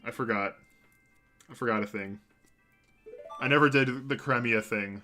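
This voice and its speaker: Speaking a little slowly in a medium pitch, this young man sounds pushed and bright as he livestreams a video game from his home computer room. His commentary is casual and rambling, full of self-corrections aimed at viewers, and a desk mic catches it over faint background music.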